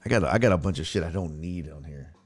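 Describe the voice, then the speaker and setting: This man hosts a laid-back sports talk livestream, his deep, slightly rough voice moving at a quick clip. He launches into animated rants and stories packed with swearing, and he responds to messages from the viewer chat.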